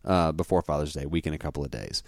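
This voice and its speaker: A man in his thirties, a podcast co-host chatting casually and telling an animated story, often laughing. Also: a bass voice, fast, no room sound, clean studio sound. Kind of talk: casual chat.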